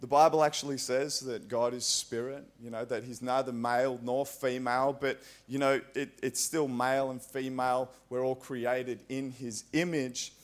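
Australian male preacher, mid pitch, earnest and chatty delivery, church setting. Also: little pitch movement, moderate pace, hardly any pauses. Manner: conversational, earnest, frequent fillers. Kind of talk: sermon.

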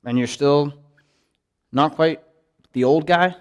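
A man's voice: a little high, slow pace. A man teaching a Bible study in a casual, earnest way, often asking rhetorical questions.

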